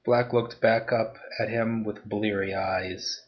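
A man giving a steady, scripted narration of a story. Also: on the low side, slow, muffled recording.

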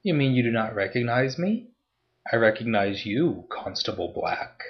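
A man voicing a calm, mysterious masked nobleman who speaks in a formal, measured way. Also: medium pitch, highs cut off. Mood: cool, persuasive.

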